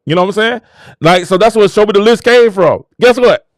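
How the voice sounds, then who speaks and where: A man hosting his own show, delivering a fervent, preaching-style motivational talk that swings from low murmurs to shouted exclamations. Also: a little fast, no room sound. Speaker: show host.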